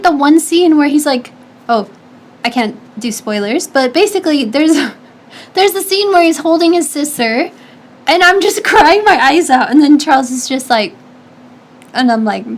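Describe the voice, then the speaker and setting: A woman's voice: sits high, animated, measured pace. A young woman streamer and engineering student, chatting casually and giggling as she answers viewer questions, with lots of fillers and restarts.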